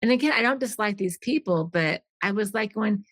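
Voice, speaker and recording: A woman's voice: medium pitch, lively intonation, a little fast, a bit bright, no room sound. A middle-aged woman telling a personal story on a podcast, earnest and rambling, often restarting sentences and acting out what people said.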